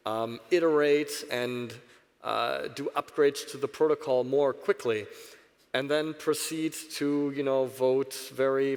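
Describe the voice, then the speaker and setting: A man speaking on a conference panel, talking with many restarts and tag questions. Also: mid-range voice. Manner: halting, many restarts and "right?" tags. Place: conference stage in a large hall. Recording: reverberant hall.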